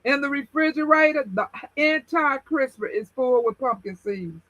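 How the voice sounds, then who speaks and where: Very high-voiced man, bright and dry. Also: animated, normal speed, no room sound, rough recording. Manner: curious, asks many questions. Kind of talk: casual chat.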